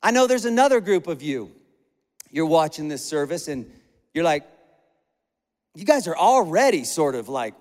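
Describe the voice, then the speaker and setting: High-voiced man preaching in a reverberant hall. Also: normal speed, pauses often. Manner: energetic, conversational preaching with repeated phrases. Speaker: pastor. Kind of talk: sermon.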